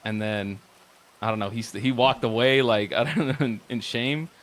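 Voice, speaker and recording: Male streamer, casual profane storyteller, mid-range pitch, replays conversations line by line. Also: normal speed, fairly bright tone. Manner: rambling, profane, quotes others back and forth. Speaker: streamer recounting a roleplay session.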